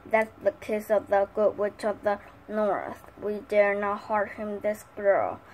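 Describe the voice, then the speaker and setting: A woman voicing the leader of a band of winged monkeys in a storybook reading, slow and measured. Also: mid-range voice, steady tone, darkish tone, slight background noise, lightly acted, poor audio. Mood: solemn.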